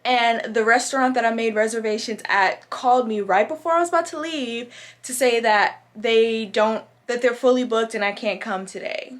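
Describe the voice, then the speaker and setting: A young woman vlogging from her apartment in a casual, chatty way, with plenty of fillers and a hint of frustration. Her voice sits a little high. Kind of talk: casual chat to camera.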